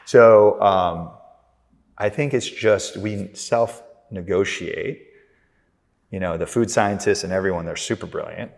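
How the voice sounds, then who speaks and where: A man with a lowish voice tells loose, self-mocking stories in a relaxed interview. He is a clinic director talking as a podcast guest. His voice rings out with a lingering reverb from the room. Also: slow, creaky. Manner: rambling, self-deprecating storyteller. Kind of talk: casual interview chat.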